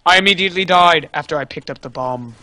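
A young man playing as a guest, chatting goofily and joking with deadpan asides. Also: on the high side, fast talker, no echo. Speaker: guest player. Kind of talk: casual game commentary.

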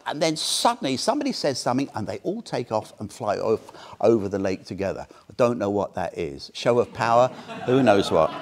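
A man in his seventies giving an anecdotal Buddhist dharma talk as a teacher, animated and often checking in with "yeah?". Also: on the high side. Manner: animated storyteller, tags sentences with "yeah?".

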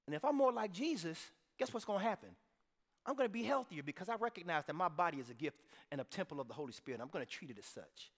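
A man preaching a sermon to his church in an energetic, conversational way, now and then rising to a shout. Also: sits high, brisk, big-room sound. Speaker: pastor. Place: church sanctuary.

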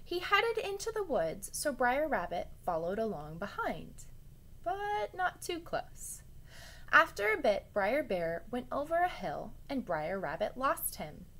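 Slow, expressive teacher reading aloud. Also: female voice, high-pitched. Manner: expressive, with chatty asides to children. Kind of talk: reading a story aloud to students.

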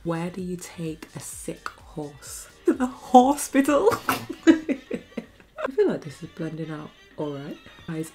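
A young woman chatting casually while doing her makeup, giggling often and telling corny jokes. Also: sits low. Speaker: beauty vlogger. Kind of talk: casual makeup challenge chat. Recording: soft music behind.

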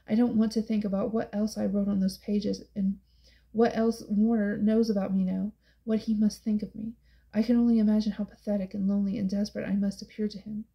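A woman narrating a novel in the first person, with a steady, subdued and introspective delivery. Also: medium pitch, a little fast, gravelly, highs cut off. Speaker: audiobook narrator.

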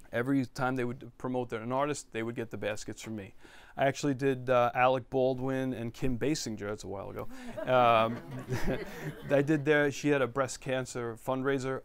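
Middle-aged man, chef, chatty and rambling, storytelling talk to a bookstore audience, mid-range voice. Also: mid-range voice. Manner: chatty, rambling, many restarts and asides.

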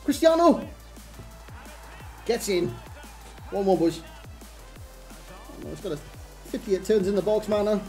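A man's voice: high-pitched, steady tone, unhurried, long pauses, dark tone, soft background music. Exasperated man ranting over gameplay. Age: 30s. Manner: exasperated, self-mocking running rants. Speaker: gaming YouTuber. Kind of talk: live gameplay commentary.

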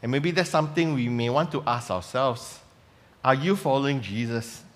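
A man's voice: mid-range voice, moderate pace. A man preaching a conversational sermon in church, asking many rhetorical questions. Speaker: pastor. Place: church sanctuary. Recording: long reverb of a church hall.

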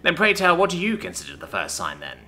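A man's voice: a little high, huge pitch swings, quick pace, bright, forceful tone, soft background music, pitched above the performer's own voice, full character voice. Pompous bird-like alien scientist, male, haughty and self-assured, as a male narrator puts him on.

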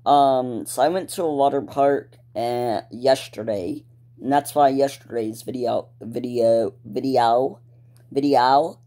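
A man's voice: medium pitch, normal speed, mellow. A male YouTuber talking casually to his viewers, rambling with lots of ums, restarts and laid-back slang. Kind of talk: casual talk to camera.

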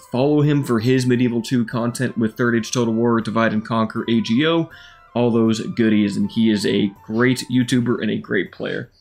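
A man casually talking through a strategy game campaign as he plays, rambling and thinking aloud with fillers. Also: mid-range voice. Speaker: gaming YouTuber. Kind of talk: casual gameplay commentary.

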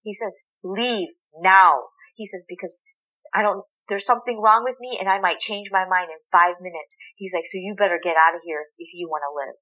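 A woman guest in an interview, telling a story in a casual, animated way, acting out the dialogue and laughing often. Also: medium pitch, normal speed, low-quality recording. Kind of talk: conversational storytelling.

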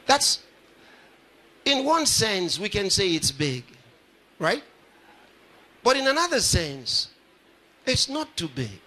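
A man's voice: high-pitched, big pitch swings, takes it slowly, long pauses, sharp tone. A pastor addressing a live audience at a ceremony, repeating his phrases and putting questions straight to the crowd. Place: large ceremony hall.

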